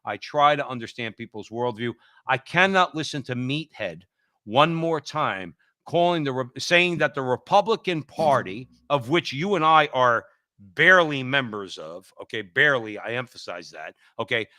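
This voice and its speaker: A man's voice: medium pitch, expressive, moderate pace, bright, forceful tone, no room sound, clean studio sound. A man co-hosting a political talk show, heated and emphatic, often repeating himself as he builds his point. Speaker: co-host.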